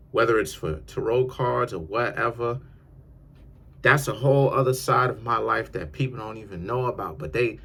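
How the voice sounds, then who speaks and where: Man, tarot reader, casual rant, rambling, repeats himself, mid-pitched voice. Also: gravelly. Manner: animated, rambling, repeats words while ranting. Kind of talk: casual tarot reading monologue.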